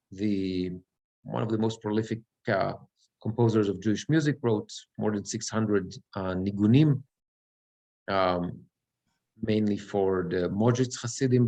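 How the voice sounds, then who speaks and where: A middle-aged man teaching prayer chant as a cantor, explaining step by step and breaking into short chanted phrases. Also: fairly low pitch. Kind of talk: relaxed class explanation with sung examples.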